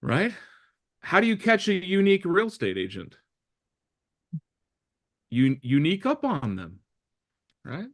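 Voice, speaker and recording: A man's voice: sits high, measured pace, pauses often. A man hosting a casual group recap, joking and asking the group questions. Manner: lively, joking, asks lots of questions. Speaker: group discussion host.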